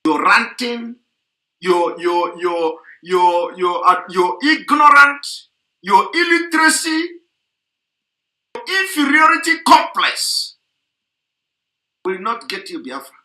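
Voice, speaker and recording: A man's voice: sits high, lively intonation, slow pace, pauses often, sharp tone, echoey room. A man delivering a heated, repetitive, scolding political rant on an online radio broadcast.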